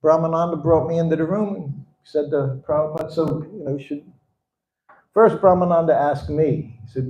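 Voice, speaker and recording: Older male speaker in his 70s, warm higher voice, roomy sound, anecdotal and chuckling. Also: moderate pace, muffled recording. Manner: chuckles often while telling anecdotes. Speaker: guest speaker. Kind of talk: storytelling talk.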